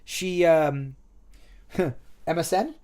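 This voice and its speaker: A man's voice: a little high, extremely slow. A man in a casual chat, telling a long personal story in a loose, rambling way and acting out what people said. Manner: animated, acts out quoted dialogue.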